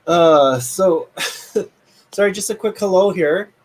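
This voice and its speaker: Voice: mid-range voice, slow, slight background noise. A podcast host reading live chat comments aloud in a casual, friendly way.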